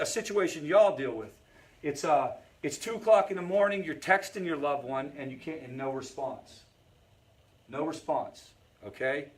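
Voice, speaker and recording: A man who leads a family recovery group, teaching in a conversational way and often checking in with the audience. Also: on the high side. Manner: conversational, storytelling asides.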